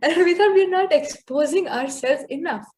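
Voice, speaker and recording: A woman's voice: high voice, moderate pace, a little mellow, a little hiss or hum. A teenage girl, co-hosting a podcast with playful, teasing banter. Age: teens. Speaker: podcast co-host. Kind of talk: casual chat.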